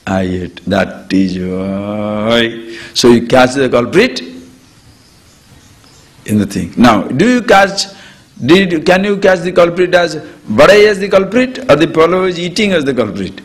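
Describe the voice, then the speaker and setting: A man, a spiritual teacher giving a discourse to an audience, animated and chuckling often as he acts out everyday examples. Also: mid-range voice, slow pace, pauses often.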